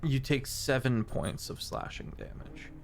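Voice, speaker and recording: A man as dungeon master, describing scenes in a halting, rambling way with many fillers. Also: mid-range voice, huge pitch swings, creaky, a little hiss or hum. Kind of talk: narrating a tabletop game.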